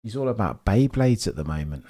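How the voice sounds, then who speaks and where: Deep-voiced man hosting an animated live watch-along. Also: brisk. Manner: animated, theatrical, chatty with viewers. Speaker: livestream host. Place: home, at night.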